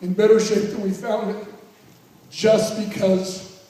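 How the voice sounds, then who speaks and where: A high, mellow male voice in his fifties, caught from far off by the microphone as it echoes through a large hall. He speaks in a fairly even tone, emotional and reflective, with slow pauses and a few jokes. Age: 50s. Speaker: alumnus giving a reunion speech. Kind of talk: heartfelt speech with jokes. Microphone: handheld microphone heard from far off.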